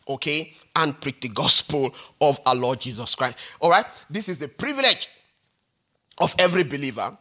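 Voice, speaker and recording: A man in his forties preaching a sermon as pastor, animated and repetitive, often checking in with the congregation. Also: medium pitch. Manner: animated, repetitive, peppered with "all right?" and "hallelujah".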